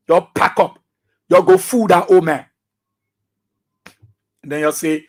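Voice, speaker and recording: High-voiced Liberian radio host, scolding. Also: male voice, measured pace, long pauses. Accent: Liberian English. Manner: combative, scolding rants at opponents. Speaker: radio talk show host. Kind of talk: call-in radio talk.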